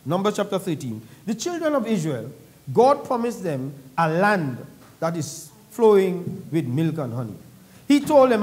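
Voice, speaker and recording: A man's voice: a little high, very animated, moderate pace, darkish tone. A man preaching a sermon in church, reading scripture aloud and explaining it in a conversational way, with questions to the congregation.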